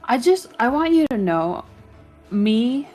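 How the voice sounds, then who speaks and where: A woman's voice: fairly high pitch, sing-song, takes it slowly, darkish tone, faint music behind. A woman playing a tabletop game, joking playfully with the group. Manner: playful, laughing. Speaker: player. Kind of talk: casual game chat.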